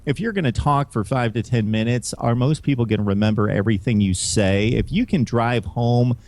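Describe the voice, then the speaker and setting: A man co-hosting a live show, explaining advice in a measured way with "uh" pauses. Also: medium pitch, darkish tone. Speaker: co-host. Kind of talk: casual advice chat.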